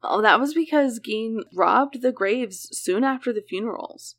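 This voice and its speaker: A woman's voice: a little high, lively intonation, a little slow, a bit bright. A woman casually recounting a true crime case as a podcast host, mixing read details with chatty asides. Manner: conversational, reading case details with frequent "like".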